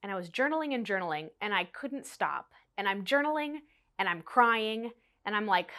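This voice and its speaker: A woman's voice: medium pitch, animated, moderate pace, a bit bright. A young woman in her twenties talking candidly and emotionally to camera in a personal vlog, often quoting her own past thoughts aloud. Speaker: vlogger. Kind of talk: personal confessional chat to camera.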